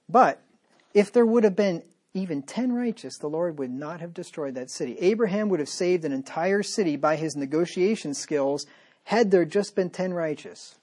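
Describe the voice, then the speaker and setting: A man's voice: a little high, darkish tone, breathy edge. A man preaching a sermon, reading scripture aloud and then explaining it plainly in a conversational way, often checking in with "right?". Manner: conversational, with frequent "right?" and "you know". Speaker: pastor.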